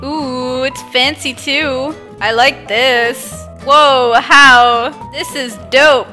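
A woman's voice: sits high, fairly even intonation, very slow. A young woman playing a game on camera, chatting with other players, giggling often. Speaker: gaming YouTuber. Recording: game music faintly behind.

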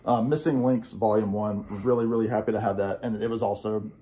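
A man's voice: lowish voice, steady tone, fairly quick, dark tone. A young man chatting casually and rambling enthusiastically, with lots of fillers, about records he bought. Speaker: guest record collector.

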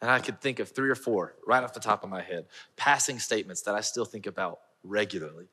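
A bright, forceful male pastor preaching in a large church auditorium, his voice carried by a long reverb. He tells stories with animated energy and laughs at himself, then turns to scripture. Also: on the low side, fast talker, breathy edge. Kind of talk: sermon with personal storytelling.

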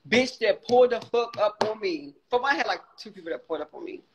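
Woman, medium pitch, excitable, profane, storytelling, livestream host, phone mic. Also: fast talker, dull audio, background noise. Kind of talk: casual livestream chat.

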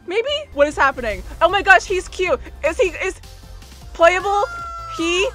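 Squealing, high-voiced excited streamer woman. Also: a little slow, soft background music. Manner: squealing, rambling, repeats herself. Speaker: streamer reacting to a livestream. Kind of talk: excited live reaction.

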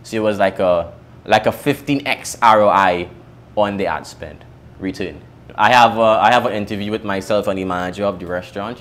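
A young Trinidadian man speaks in a somewhat low voice. He tells his own story to camera in a candid, emotional way, rising to lively bursts and then dropping to a hush. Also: a little hiss or hum. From Trinidad and Tobago. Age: young adult. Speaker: entrepreneur telling his story.

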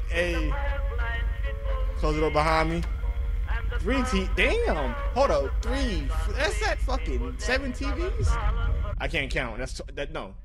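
A young man, playing a horror game and commenting loudly, swearing often and jumping to panicked yells. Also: sits high. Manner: loud, excitable, swears often, jumps to panicked yelling. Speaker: gaming streamer.

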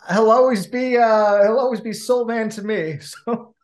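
Animated co-host with a Jersey accent, slightly high voice, casual talk. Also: male voice, unhurried, music in the background. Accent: New Jersey. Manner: animated, chatty, lots of restarts. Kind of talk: casual podcast chat.

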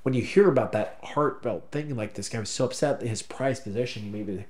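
A man co-hosting a podcast, telling a story in halting, emotional casual talk, choked up at times. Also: mid-range voice, darkish tone. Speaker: podcast co-host. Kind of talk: casual conversation.

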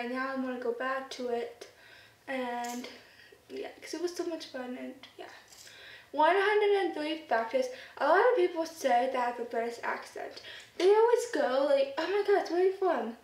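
A woman's voice: high-pitched, normal speed. A woman chatting casually to her camera as a vlogger, rambling with lots of fillers. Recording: roomy echo, distant mic, faint noise.

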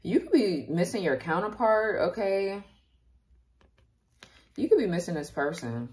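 A woman's voice: medium pitch, sing-song, measured pace, darkish tone. A woman giving a casual tarot reading straight to her viewers, chatty and openly emotional. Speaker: tarot reader.

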